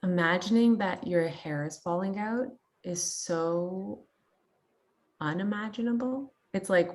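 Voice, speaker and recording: A woman's voice: medium pitch, takes it slowly. A woman in her thirties from Canada, sharing a personal story in a candid, chatty way full of fillers and quoted thoughts. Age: 30s. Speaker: guest.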